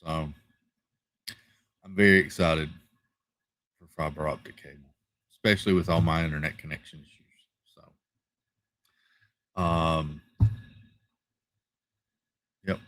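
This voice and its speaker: A man hosting a casual live stream from home, reading viewer comments in a relaxed, chatty way with lots of fillers and repeated thank-yous. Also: a bass voice, unhurried, long pauses, no echo. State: tired, yawning. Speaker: livestream host. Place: home, rural area.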